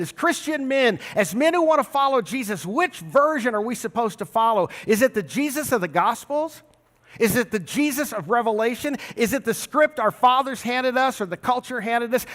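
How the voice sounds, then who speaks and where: A man preaching a sermon as pastor, telling stories with big swings between loud and soft. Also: extremely high pitch. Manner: animated storytelling with big swings of loudness. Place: large church hall. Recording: long reverb of a church hall.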